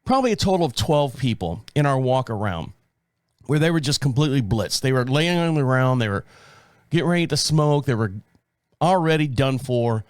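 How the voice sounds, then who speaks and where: A middle-aged man from the United States tells a story in a casual, rambling podcast monologue. He chuckles now and then and repeats phrases. His voice sits in a middle pitch, recorded dry and close with no room sound. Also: animated, moderate pace, clear, resonant tone, no echo. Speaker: podcast host.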